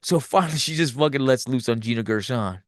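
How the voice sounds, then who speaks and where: A man hosting a podcast, retelling a film's plot in a loose, profane, animated way and acting out the characters' lines. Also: mid-range voice, a little fast, no room sound, studio quality. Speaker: podcast host. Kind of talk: casual movie recap.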